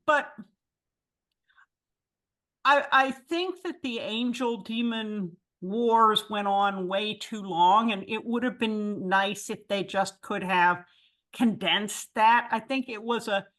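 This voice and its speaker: A woman's voice: a little high, steady tone, slow pace, a bit bright. A woman moderating a fan panel on a video call, calling on speakers and adding wry opinions of her own. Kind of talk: casual video-call chat.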